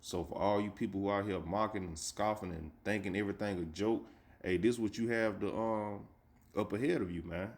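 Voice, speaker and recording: A man giving an emphatic street sermon, reading scripture slowly and stopping often to ask "you see?". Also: lowish voice, steady tone, a little mellow. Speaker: street preacher.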